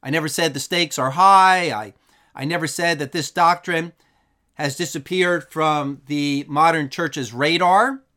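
A man's voice: a little high, measured pace, pushed and bright. A man hosting his own channel, reflecting earnestly on a topic in a plain, unscripted way with some fillers and restarts. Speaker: YouTube channel host and Bible teacher. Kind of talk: casual commentary to camera.

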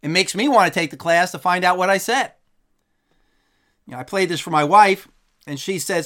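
A man's voice: high-pitched, normal speed, long pauses, fairly bright tone. A man hosting his own channel, reflecting earnestly on a topic in a plain, unscripted way with some fillers and restarts. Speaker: YouTube channel host and Bible teacher. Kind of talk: casual commentary to camera.

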